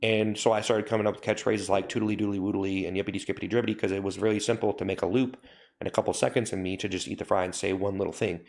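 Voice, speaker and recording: Young man, low-pitched, rambling livestream chat, filler-heavy. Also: level tone, racing, creaky, a little mellow. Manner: rambling, self-correcting, says "like" and "you know" a lot. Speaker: livestream host. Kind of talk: casual livestream chat with viewers.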